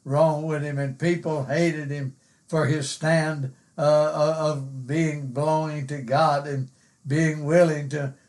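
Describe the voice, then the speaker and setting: An older male preacher delivering a devotional Bible lesson in a slightly raised voice. He talks slowly, stretching the words he wants to stress. Frequent hesitations break up his phrases. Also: fairly high pitch, level tone, darkish tone. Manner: slow, drawn-out emphasis with many uh fillers.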